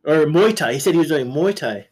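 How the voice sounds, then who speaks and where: A man's voice: on the high side, animated, a little fast, darkish tone, breathy edge. A man guest-hosting a podcast, telling rambling, profane anecdotes in casual chat, with restarts and laughter.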